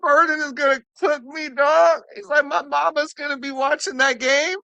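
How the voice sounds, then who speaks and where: A woman's voice: a little slow, sharp tone, clear, resonant tone, no room sound, highs cut off. A woman doing a wailing, whiny crybaby rookie. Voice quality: high, wailing whine. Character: whiny, sobbing young male football rookie.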